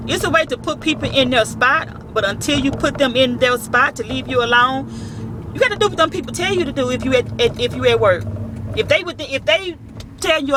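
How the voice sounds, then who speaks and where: A woman's voice: high voice, animated, brisk. Blunt woman by traffic. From Southern US. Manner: blunt, profane, storytelling with quoted voices. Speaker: vlogger giving work advice. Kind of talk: casual advice talk. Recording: outdoor traffic noise.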